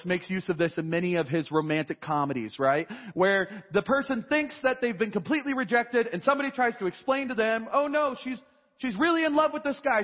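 A high-voiced man delivering a sermon in a large church, and his voice trails off into a long reverberant tail. His tone is husky. He preaches in a lively, conversational way and acts out short asides. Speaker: pastor. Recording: dull, reverberant church recording.

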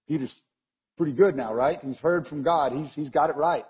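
A man preaching a chatty, digressive sermon, telling the story with lively asides. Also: fairly high pitch, normal speed, slightly rough. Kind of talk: conversational sermon. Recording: dull lo-fi recording.

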